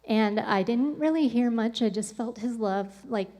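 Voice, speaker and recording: A woman's voice: on the high side, unhurried, dark tone. Chatty woman telling a personal story. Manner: rambling, full of "like" and "um" fillers. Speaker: podcast speaker.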